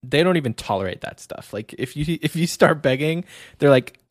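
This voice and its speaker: A man's voice: fairly high pitch, animated, normal speed, no echo, clean studio sound. A man chatting casually on a gaming podcast, laid-back and laughing, acting out little scenes. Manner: laid-back, laughs often, acts out scenarios. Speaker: co-host.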